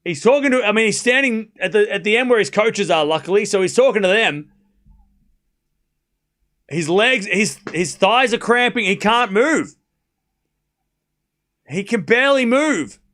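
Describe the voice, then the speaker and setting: A man's voice: sits high, lively intonation, unhurried, long pauses, fairly bright tone. A man hosting a live watchalong stream, calling the play and reacting bluntly, swearing freely. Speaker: streamer host.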